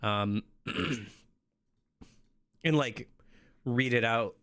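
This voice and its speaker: A man's voice: mid-range voice, very slow, a bit bright, clear, resonant tone, no room sound, clean studio sound. A man casually commenting while he plays a video game, rambling with many fillers. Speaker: streamer playing a game. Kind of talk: casual let's-play commentary.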